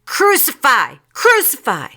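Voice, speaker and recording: A woman voicing an angry crowd, shouting its demands in a raised, high voice. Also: wildly swooping pitch, slow, full character voice. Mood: furious.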